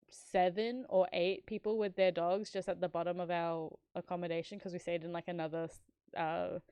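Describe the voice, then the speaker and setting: A woman's voice: clear, resonant tone, dry recording, muffled recording. A young woman telling a travel story in casual stream chat, swearing often and acting out what people said. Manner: animated, swears a lot, acts out quotes in higher voices.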